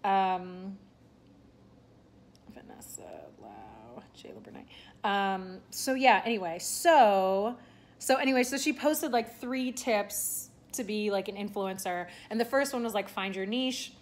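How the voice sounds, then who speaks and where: A woman's voice: fairly high pitch, measured pace. A young woman chatting casually in a vlog, rambling with lots of fillers and restarts. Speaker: vlogger and aspiring content creator. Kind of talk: casual talking-head vlog.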